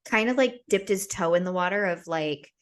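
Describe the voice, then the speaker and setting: A woman's voice: on the low side, moderate pace. A woman co-hosting a podcast, talking bluntly and sassily in casual chat about dating apps. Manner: blunt, sassy and direct, swears. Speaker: podcast co-host.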